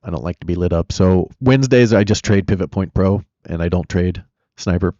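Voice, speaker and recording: A man with a low, dark voice talks his way through a live trading stream. He rambles, answers viewers and gives blunt opinions, recorded dry and a little dull. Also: a little fast, no room sound. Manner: chatty, rambling, answers chat questions. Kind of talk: casual live-stream commentary.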